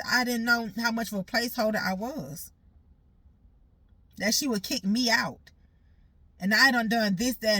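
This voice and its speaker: A woman talks through a raw personal monologue in a bright, forceful voice. She is blunt and profane, circling back to repeat her points, and sounds hurt. The sound is close and dry. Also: fairly high pitch, no echo.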